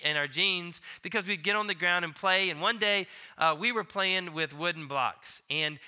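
A man in his thirties preaching a sermon, telling a family story with soft asides and loud emphatic peaks. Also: fairly high pitch. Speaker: pastor.

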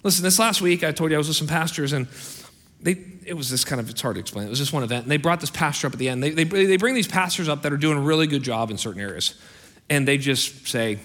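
A man preaching a sermon as pastor, telling a story with animated emphasis and soaring pitch on key points. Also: quick pace. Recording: long reverb in a large hall.

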